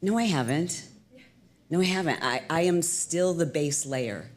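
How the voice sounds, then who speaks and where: A middle-aged woman entrepreneur telling stories as an interview guest, lively and chatty with lots of "like" and restarts. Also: sits low, unhurried. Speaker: guest, entrepreneur and fitness instructor. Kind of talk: casual storytelling interview.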